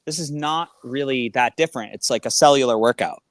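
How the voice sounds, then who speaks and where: A mid-pitched man chats as a guest, an animated and rambling storyteller who jumps from one story to the next. His voice is recorded dry, with no room sound around it. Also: fairly quick, no echo. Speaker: podcast guest. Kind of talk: casual conversation.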